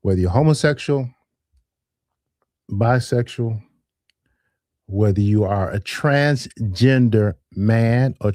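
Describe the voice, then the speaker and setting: Calm low-voiced man hosting a call-in show. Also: dry recording, clean studio sound. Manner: calm, measured, repeats "all right".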